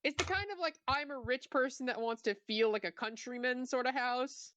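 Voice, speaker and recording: A woman taking part as a player in a tabletop game, describing things haltingly with many fillers. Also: high-pitched, fairly bright tone, no echo, muffled recording. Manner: halting, lots of "uh" and "like". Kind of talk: describing her character's home in a tabletop game.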